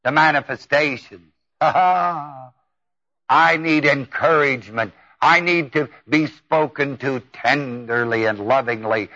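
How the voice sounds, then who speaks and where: Folksy preacher man, bright voice. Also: mid-range voice, slow pace. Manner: folksy, emphatic exclamations. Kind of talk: sermon. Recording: dull lo-fi tape.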